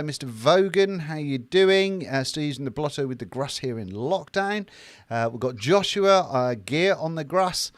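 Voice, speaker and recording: A man's voice: on the high side, no room sound. Chatty British man reading live chat. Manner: jokey, chatty, reads viewer comments aloud with fillers. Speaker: livestream co-host reading chat.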